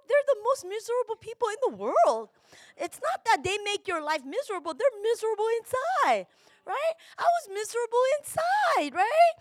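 Animated high-voiced woman pastor preaching. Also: no room sound, studio quality. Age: middle-aged. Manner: emotional and animated, shouting at peaks, confessional. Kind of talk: sermon.

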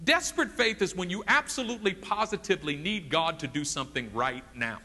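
A man preaching a sermon, animated and dramatic, acting out the voices of people in the story he tells. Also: high-pitched, brisk, in a large hall.

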